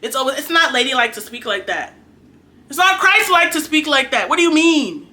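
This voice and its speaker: This faith vlogger is a young woman whose high voice has a sing-song lilt, a bright, forceful tone and a slightly quick pace. Her talk to viewers is an earnest, chatty faith monologue, casually preachy, both exhorting and conversational.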